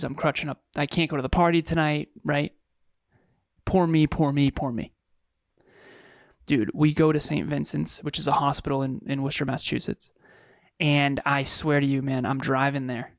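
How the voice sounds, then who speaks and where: Podcast guy telling a story, earnest and reflective, bit high-pitched, dry mic. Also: no room sound. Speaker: podcast co-host. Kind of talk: casual chat.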